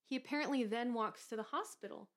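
A woman's voice: a little high, quick pace, a bit bright. A woman co-hosting a casual chat, playfully reading out movie trivia and laughing along. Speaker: podcast co-host.

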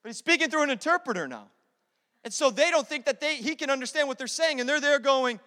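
A young adult man preaching a sermon as pastor, animated, moving between loud declarations and hushed, intimate asides. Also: extremely high pitch, fast, in a large hall.

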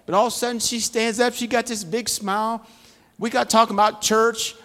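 Folksy preaching man, higher voice. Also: level tone, fairly quick, bright, forceful tone. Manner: folksy, storytelling with humor. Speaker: Bible study teacher. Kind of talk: conversational sermon. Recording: long church-hall reverb.

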